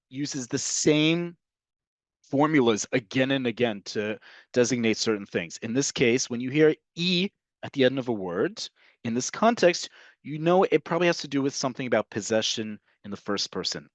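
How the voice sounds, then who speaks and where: A man teaching an online language lesson, explaining slowly and repeating each example. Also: medium pitch, animated, no echo. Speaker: Hebrew teacher.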